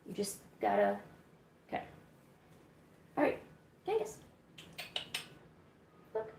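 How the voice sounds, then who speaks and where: A woman hosting a livestream, chatting casually and coaxing her cats with high, sing-song pet talk at home. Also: sing-song, slow, vocal fry, long pauses, warm tone. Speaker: livestream host. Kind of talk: casual chat to her cats during a stream. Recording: echoey room with faint hiss.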